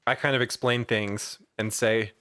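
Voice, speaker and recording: A man's voice: on the low side, fairly even intonation, a little slow, sharp tone. Joking man playing a tabletop game. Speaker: player.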